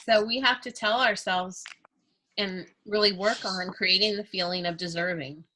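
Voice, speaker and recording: A woman's voice: medium pitch, steady tone, normal speed, pushed and bright, slight background noise. A woman teaching an art class in a casual, chatty way, candid and joking, with playful asides.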